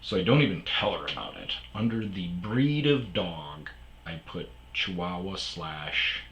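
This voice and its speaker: Man, middle-aged, deep voice, sharp and forceful tone, casual storytelling host, rambling, lots of restarts. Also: very animated, a little slow, highs cut off, slight background noise. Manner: rambling, with many restarts and fillers; mimics other people loudly in quotes, then drops low and quiet. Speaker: podcast host.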